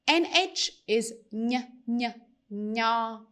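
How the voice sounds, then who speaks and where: A woman teaching pronunciation, slowly demonstrating sounds and repeating them for learners. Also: fairly high pitch, a bit bright. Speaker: language teacher. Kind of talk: pronunciation lesson.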